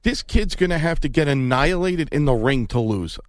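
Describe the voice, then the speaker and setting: A man's voice: a little high, animated, dry recording. Blunt, opinionated man talking boxing. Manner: blunt, emphatic, rapid opinions. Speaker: boxing podcast co-host. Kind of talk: opinionated casual chat.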